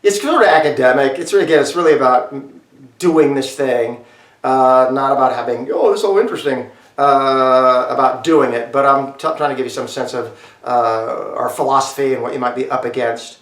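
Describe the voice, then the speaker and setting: A man teaching an acting class over a video call, talking straight to his students in an animated way with lots of fillers. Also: medium pitch, normal speed. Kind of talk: online acting class lecture. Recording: echoey room, mic far off.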